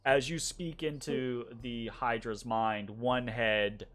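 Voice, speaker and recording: A man's voice: mid-range voice, fairly even intonation, takes it slowly, a bit bright. A man narrating as game master of a tabletop game, casual and rambling with fillers. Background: faint background music.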